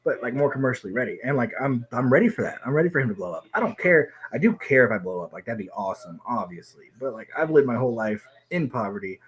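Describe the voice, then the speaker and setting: In a casual conversation, a slightly drunk man talks rapidly and swears a lot, bouncing between subjects. His mid-range voice surges loud and eager at times, then he starts running himself down.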